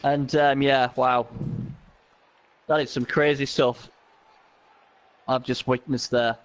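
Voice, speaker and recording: A man commentating a video game match casually, excitable and laughing often, with many restarts and repeats. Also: medium pitch, slow pace.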